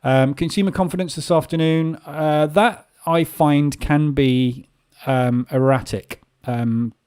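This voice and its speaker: A man's voice: a little high, takes it slowly, darkish tone, clear, resonant tone. A man hosting a live trading session, talking casually and rambling with many filler sounds. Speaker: trading room host. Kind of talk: live market commentary.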